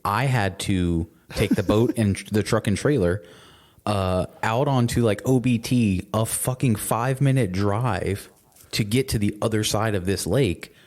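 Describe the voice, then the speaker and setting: A man's voice: lowish voice, a little slow, a little mellow. A man co-hosting a podcast, chatting casually in a rambling way, full of restarts and swearing. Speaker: podcast co-host. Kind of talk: casual chat.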